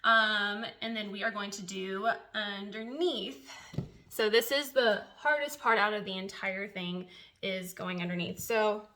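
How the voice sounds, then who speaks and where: A woman's voice: medium pitch, bright, forceful tone. A young woman, a waxing professional, giving a casual tutorial in a chatty, nervous way, laughing often. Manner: drops to a whisper while waxing herself.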